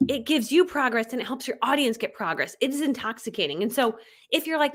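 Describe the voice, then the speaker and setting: A woman in her forties coaching viewers on a livestream. Her voice sits high and swoops with lively animation. She is chatty and enthusiastic, laughing as she acts out little quoted exchanges. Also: fairly quick, breathy edge. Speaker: online business coach. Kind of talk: live-streamed coaching talk.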